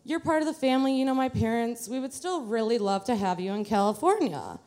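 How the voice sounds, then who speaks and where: A woman voicing her young female friend, rushed and pleading in a storytelling set. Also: on the high side, animated, darkish tone.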